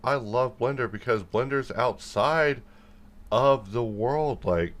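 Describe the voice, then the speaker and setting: A young man in a rambling monologue to his viewers, jumping between jokes and animated rants. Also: mid-range voice, slow. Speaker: software developer and video creator. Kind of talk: rambling stream-of-consciousness monologue.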